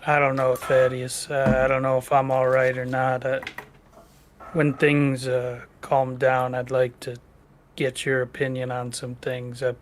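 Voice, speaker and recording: Slow, flat-voiced male player. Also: medium pitch, a little hiss or hum. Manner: hesitant, halting, many fillers. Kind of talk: playing a character in a tabletop game.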